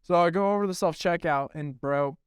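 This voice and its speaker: A man's voice: on the high side, a little fast, clear, resonant tone, no room sound, clean studio sound. A man co-hosting a baseball podcast, telling a long profane story in casual chat. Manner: profane, rambling storyteller who acts out quotes. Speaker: podcast co-host, baseball coach.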